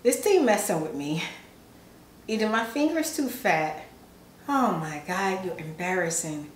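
A woman's voice: medium pitch, lively intonation, unhurried, reverberant, slight background noise, low-quality recording. A woman vlogger who chats casually and giggles often while reading fan messages aloud, sounding sleepy. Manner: chatty, giggly, self-teasing. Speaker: ASMR vlogger.

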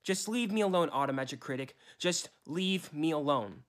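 A man's voice: a little high, animated, moderate pace. A man ranting in his own videos, whiny, aggrieved and repetitive. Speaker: YouTuber being reviewed.

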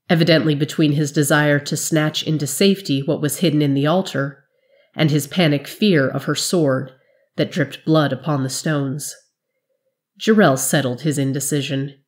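In a measured, dramatic way, a low-voiced woman reads a fantasy story aloud. She narrates the fiction steadily.

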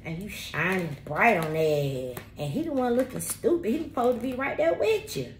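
A woman's voice: medium pitch, expressive, moderate pace. A woman giving a tarot reading, talking to viewers in a blunt, slangy, profane and emphatic way. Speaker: tarot reader. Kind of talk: spirited tarot reading monologue. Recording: roomy echo with faint background noise.

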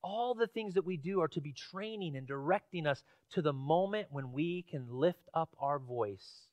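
Brief: high-voiced male pastor, chatty storytelling sermon, dry close sound. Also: lively intonation, normal speed, darkish tone, no room sound. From Washington State, USA. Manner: conversational storytelling with fillers, rising to emphatic questions. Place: church sanctuary.

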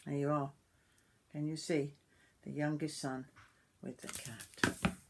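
An older woman reading a picture book aloud to children, gentle and stopping to point at the pictures. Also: sits low, level tone, takes it slowly, background noise. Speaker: storyteller grandmother.

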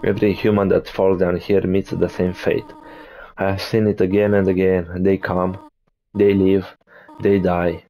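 A man reading aloud the lines of a motherly monster woman in a game, gentle turning stern, in a plain reading voice. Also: sits low, flat delivery, unhurried, lo-fi sound.

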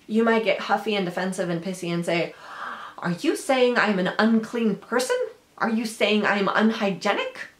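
A woman's voice: mid-range voice, roomy sound. A woman educator giving an earnest workshop talk, acting out the people she quotes. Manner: earnest, acts out quoted voices.

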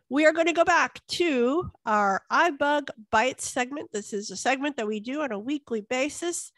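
A woman's voice: high voice, a bit bright, dry recording. A woman co-hosting a casual online meetup, playful and teasing with the group. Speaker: co-host and facilitator.

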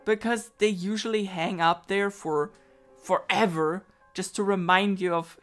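A woman's voice: medium pitch, fairly even intonation, unhurried, soft background music. A woman who is not a native English speaker, giving giggly, joking commentary while playing a story game. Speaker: game streamer.

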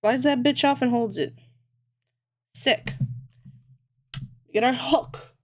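A woman's voice: sits high, slow, slightly rough. Swearing, self-mocking woman streamer. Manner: thinks aloud, swears a lot, self-mocking. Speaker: livestreamer. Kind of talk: casual live-stream chat while crocheting.

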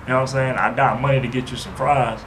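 A man's voice: mid-range voice, steady tone, fast, a bit bright, slight background noise, poor audio. A man telling a casual storytime to camera, rambling and stumbling, constantly asking "you know what I'm saying" and restarting his sentences. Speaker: vlogger.

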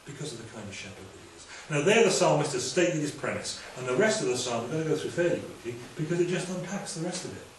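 A man from Wales preaching a sermon in a lively, conversational way with quick humorous asides. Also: on the high side. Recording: echoey hall, distant from mic, faint room noise.

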